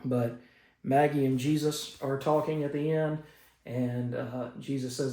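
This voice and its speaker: A man's voice: fairly high pitch, normal speed, a little mellow. A man giving a casual, enthusiastic comic book review, recapping stories with fillers. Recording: roomy echo.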